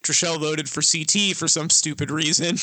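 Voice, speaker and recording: A man's voice: a little high, steady tone, moderate pace, bright, forceful tone, no room sound. A male podcast co-host in casual chat, blunt and opinionated, saying 'like' often as he recaps a reality show.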